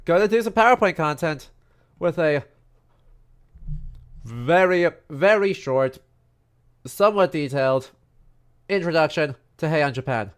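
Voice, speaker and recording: Man, stuffy nose, casual livestream lecture, joking asides, slightly high voice. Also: animated, unhurried, pauses often, smooth. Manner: chatty and joking, many fillers and asides. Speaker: history streamer. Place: home in the countryside.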